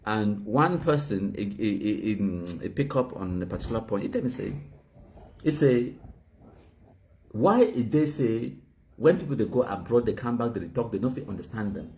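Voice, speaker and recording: A man's voice: on the low side, lively intonation, a little fast, a little mellow. A man from Cameroon with a Cameroonian Pidgin English accent, chatting casually as a host in a boastful, mocking way and laughing at his own jokes. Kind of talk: casual banter.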